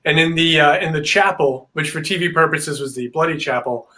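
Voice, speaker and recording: Animated rambling man telling a story. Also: on the high side, a little fast. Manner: rambling, filler-heavy, animated. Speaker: paranormal investigator guest. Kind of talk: casual storytelling interview.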